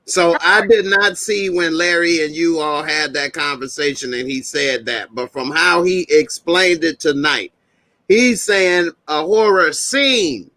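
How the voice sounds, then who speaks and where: A man's voice: a little high, a little slow, pushed and bright, no echo. A man hosting a casual roundtable review chat, joking and making playful asides. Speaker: host of a review show.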